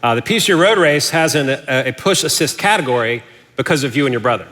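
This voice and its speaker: A man's voice: medium pitch, lively intonation, fast talker, fairly bright tone. A man interviewing a guest onstage, enthusiastic and prompting with questions. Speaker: interviewer, church host. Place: large church auditorium. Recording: reverberant hall.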